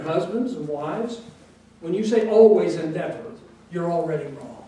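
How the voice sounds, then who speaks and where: A man's voice: a little high, a little fast, mellow. A middle-aged man preaching a sermon as pastor, folksy and joking, leaning hard on repeated words. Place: church sanctuary. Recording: echoey church hall, voice from a distance.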